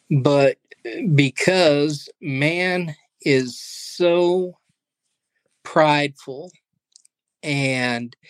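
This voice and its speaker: A pastor and guest in a casual interview, speaking in an earnest, faith-driven storytelling way. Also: male voice, on the high side, no room sound. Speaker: pastor and ministry leader, guest.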